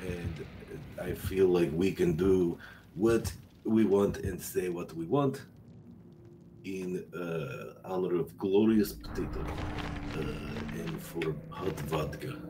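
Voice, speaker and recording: A man putting on a Russian accent to play a boastful, grandly patriotic Russian man, speaking slowly and declaiming. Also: low-pitched, background noise. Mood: grandiose. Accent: put-on Russian.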